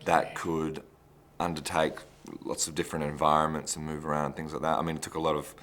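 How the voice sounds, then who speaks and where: A man's voice: a bass voice, completely flat delivery, fairly quick, fairly bright tone. A man, an actor telling behind-the-scenes stories in a chatty, rambling way. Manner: chatty, anecdotal, restarts phrases. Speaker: actor interviewee.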